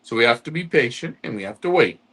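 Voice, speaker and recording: Bright-voiced man explaining patiently. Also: mid-range voice, expressive, quick pace, husky. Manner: patient, explanatory, with rhetorical questions. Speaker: co-host of a pigeon auction club show. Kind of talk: casual live-stream chat to club members.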